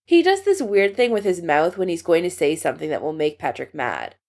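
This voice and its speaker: A woman reading a fan story aloud with expressive narration. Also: fairly low pitch, brisk. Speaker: story reader.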